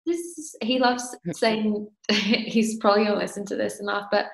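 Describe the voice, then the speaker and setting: A woman's voice: mid-range voice, steady tone, normal speed, vocal fry. A woman, an actor, chatting easily in an interview and laughing often. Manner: easygoing, laughs often, self-deprecating. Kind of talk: casual interview chat. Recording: roomy echo.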